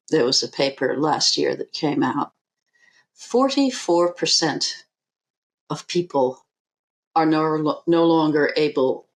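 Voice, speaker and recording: On a podcast, a woman who works as an eye surgeon gives an interview in a low voice. She is deliberate and emphatic, going back over her key numbers.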